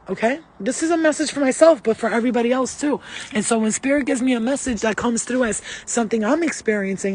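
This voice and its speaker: A woman spiritual healer in a casual live stream, talking bluntly with lots of swearing and animated, acted-out quotes. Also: on the high side, slight background noise. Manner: blunt, profane and animated, acting out quoted voices.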